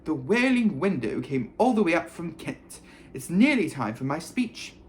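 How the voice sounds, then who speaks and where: A man's voice: on the high side, big pitch swings, normal speed, a little hiss or hum, pitched above the performer's own voice. A man reading a storybook, voicing a proud, courtly male ghost hosting a party. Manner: proud, polite, a little bitter.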